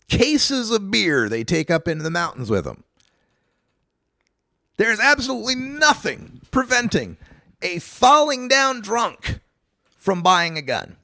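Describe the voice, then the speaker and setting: Sardonic, gravelly-voiced male talk host. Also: on the high side, no room sound, clean studio sound. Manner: sardonic, animated, argumentative. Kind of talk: solo radio commentary.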